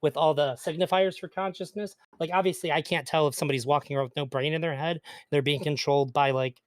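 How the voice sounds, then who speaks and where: Earnest man arguing, somewhat high voice. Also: fairly even intonation, fast. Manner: earnest, argumentative, stumbles on restarts. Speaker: interview guest. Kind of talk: casual debate.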